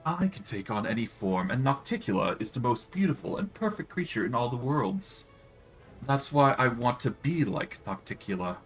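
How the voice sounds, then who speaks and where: A man's voice: medium pitch, lively intonation, moderate pace, soft background music, natural voice, rough recording. A man voicing a vain, petulant female demon queen in a video game, whiny and clumsily flirtatious. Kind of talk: reading game dialogue aloud on stream.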